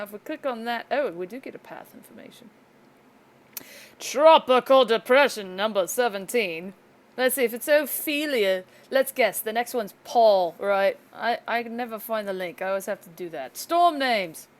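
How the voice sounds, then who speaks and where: A woman with a fairly high voice talks through a weather screencast in a loose, off-the-cuff way. She rambles, jokes at her own expense, and often trails off, unsure of herself. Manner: rambling, joking, self-deprecating. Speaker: amateur weather forecaster. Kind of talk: casual weather screencast narration.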